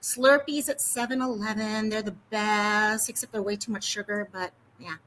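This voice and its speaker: A woman's voice: mid-range voice, steady tone, normal speed, fairly bright tone, slight background noise, low-quality recording. A woman hosting a casual livestream, chatty and rambling as she greets viewers by name. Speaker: livestream host.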